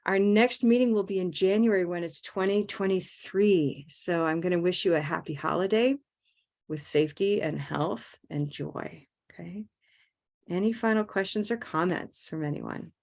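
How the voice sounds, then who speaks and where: A woman's voice: lowish voice, moderate pace, creaky. Upbeat woman teaching pronunciation. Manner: warm, checks in with frequent "okay?". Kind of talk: live online class, upbeat and encouraging.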